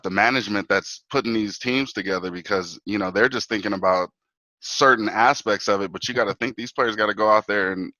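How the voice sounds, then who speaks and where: Male guest, lively fan talk, bright voice, dry close mic. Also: fairly low pitch, no echo, poor audio. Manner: animated, fan talk full of "bro" and "man". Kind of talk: casual sports talk.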